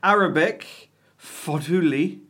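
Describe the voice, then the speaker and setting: A man's voice: fairly high pitch, slow pace, a bit bright. A British man from a podcast, chatting casually and reading out a list with dry humour. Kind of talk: casual banter.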